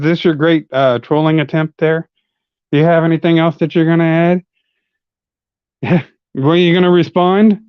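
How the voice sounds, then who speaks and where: A man's voice: a little high, clean tone, no echo. A man ranting on a livestream in a combative, heavily profane and mocking way. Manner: argumentative, mocking. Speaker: livestream commentator. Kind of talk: live-stream rant. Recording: muffled lo-fi audio.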